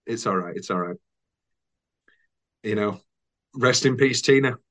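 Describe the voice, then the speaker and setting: A man's voice: on the low side, unhurried, fairly bright tone. A man hosting a podcast in casual chat, rambling through anecdotes with many restarts and acting out quotes. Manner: rambling storyteller, acts out quotes in silly voices. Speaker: podcast host.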